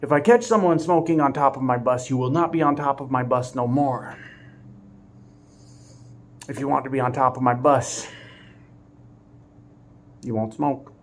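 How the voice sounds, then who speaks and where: A man's voice: mid-range voice, moderate pace, pauses often, a little hiss or hum, natural voice. A man voicing a stern old male bus driver who lectures riders over and over about rules.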